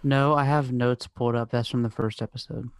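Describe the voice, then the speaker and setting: A man talking casually on a podcast in a smooth, resonant voice, recorded close and dry with no room sound. He slips in wry, teasing remarks between his points. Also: mid-range voice, fairly even intonation, fairly quick, dry recording. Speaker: podcast co-host.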